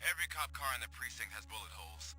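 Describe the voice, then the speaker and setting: A bright-voiced cautious cop partner. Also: male voice, medium pitch, animated, very fast, soft background music. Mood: urging. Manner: earnest, persuasive. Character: cautious male police partner, urging restraint.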